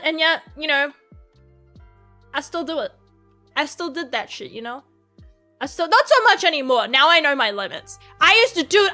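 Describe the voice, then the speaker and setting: A high-voiced woman rambles through a casual stream chat, crude and profane and quick to laugh. Her tone is bright and sharp. Soft music plays underneath. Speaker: VTuber streamer.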